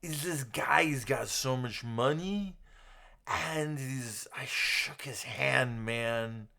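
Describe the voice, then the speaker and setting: A man's voice: medium pitch, slow, creaky, sharp tone, heavily acted. A man putting on a rambling drunk guy. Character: rambling drunk adult man telling tall tales.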